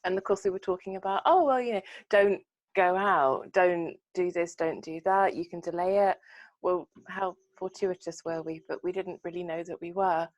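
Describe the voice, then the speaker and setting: A middle-aged woman talking earnestly in a casual podcast chat. Her voice is on the low side for a woman, and she speaks softly and thoughtfully. The recording is close and dry. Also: moderate pace, dry recording. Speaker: podcast co-host.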